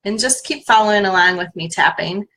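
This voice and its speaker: A woman's voice: mid-range voice, a little fast, a bit bright. A woman leading a live tapping session as a coach, giving encouraging, step-by-step instructions to viewers. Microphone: livestream webcam.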